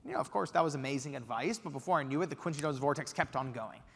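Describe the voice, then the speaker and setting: A young man from Los Angeles giving a keynote speech, telling a story with lively energy and acting out the quotes. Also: medium pitch, quick pace, breathy edge. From Los Angeles, USA. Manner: animated, acts out quotes. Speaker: keynote speaker. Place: conference hall stage. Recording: long reverb of a large hall.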